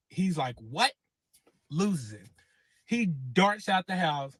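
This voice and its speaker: An animated man tells a personal story, jumping into each quote with cursing and punch. His voice sits a bit high for a man, and the sound is dry and close. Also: unhurried, dry recording. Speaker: guest telling his story. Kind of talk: casual storytelling.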